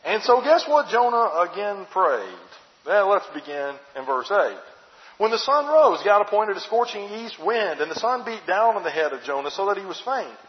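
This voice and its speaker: A man preaching a sermon in a conversational, expressive way, asking his listeners rhetorical questions. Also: high-pitched, normal speed. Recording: muffled, echoey hall sound.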